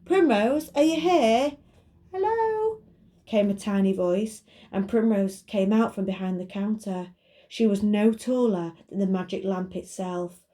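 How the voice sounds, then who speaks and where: A woman, a primary school teacher reading a children's book aloud clearly and expressively. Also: mid-range voice, fairly even intonation, unhurried, warm tone.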